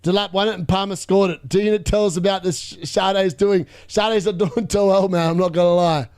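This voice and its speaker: A young man with a fairly high voice, hosting a live fantasy football stream. He chats loosely and reacts excitably to each score update. His close mic gives a dry, tight sound with no room around it. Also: moderate pace, smooth, dry recording. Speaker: fantasy football livestream host. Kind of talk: live watchalong commentary.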